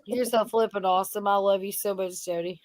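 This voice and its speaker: A woman's voice: medium pitch, fairly even intonation, a little mellow, no room sound. A woman from Tennessee, hosting a casual late-night stream chat, bubbly and laughing often. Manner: bubbly, laughs a lot, drawn-out words. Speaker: live stream host.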